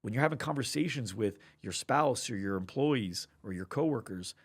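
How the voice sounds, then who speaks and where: A middle-aged man, a guest author on a podcast, telling anecdotes with frequent restarts and rising excitement. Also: medium pitch, moderate pace, husky. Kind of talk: podcast interview storytelling.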